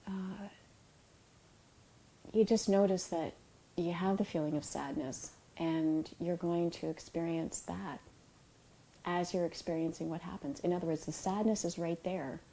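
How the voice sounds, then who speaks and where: A middle-aged woman, an author, giving a reflective talk about emotions in a soft, unhurried and tender way, with pauses. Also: on the low side, steady tone, a little hiss or hum, poor audio. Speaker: author and yoga teacher.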